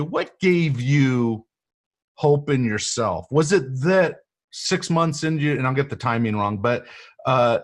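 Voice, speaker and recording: A man hosting a motivational interview, talking in an earnest, coaching way and often adding "right?". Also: medium pitch. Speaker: host.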